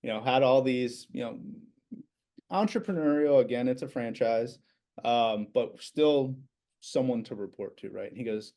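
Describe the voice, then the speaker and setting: A man's voice: medium pitch, animated, normal speed, a little mellow. A man, a business owner in his thirties, telling stories casually as a podcast guest, with many fillers and repeated words. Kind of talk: casual interview storytelling.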